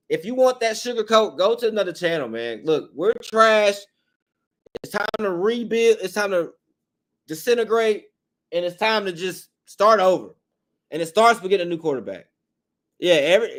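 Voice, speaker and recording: A man, his voice a little hoarse, hosting a sports podcast with a blunt, frustrated fan rant. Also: high voice, fairly bright tone. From Tennessee, USA. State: slightly hoarse.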